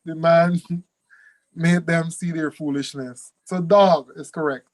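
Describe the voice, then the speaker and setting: A man teaching an online exam review class, animated, repeating key words and laughing easily. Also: a little high, slow.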